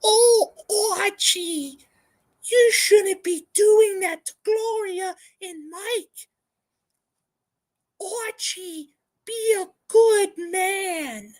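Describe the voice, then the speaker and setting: A man putting on the high, pleading voice of a meek middle-aged sitcom housewife. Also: very slow, dry recording, full character voice.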